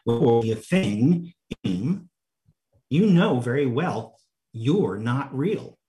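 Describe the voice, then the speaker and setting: Contemptuous little twin, blunt and slow, as a male preacher reads him; drawn-out lines. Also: medium pitch, expressive, dark tone. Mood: scornful.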